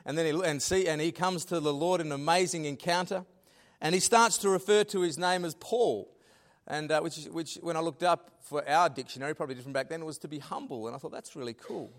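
A middle-aged man preaching from the pulpit. His voice sits fairly high for a man, and he swings between loud, rising emphasis and quiet, dropped asides. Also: fairly quick. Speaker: pastor. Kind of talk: sermon.

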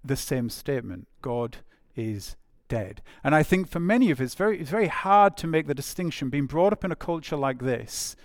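A man's voice: fairly high pitch, lively intonation, brisk, few pauses, dry recording, studio quality. A man preaching a sermon in a conversational way, with frequent fillers and phrases repeated for emphasis.

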